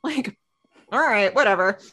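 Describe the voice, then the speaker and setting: A woman's voice: medium pitch, lively intonation, a little slow, bright, forceful tone. A woman co-hosting a podcast, chatting animatedly as she recaps a TV episode and acts out the characters' lines. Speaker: podcast co-host. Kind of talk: casual chat recapping a TV episode.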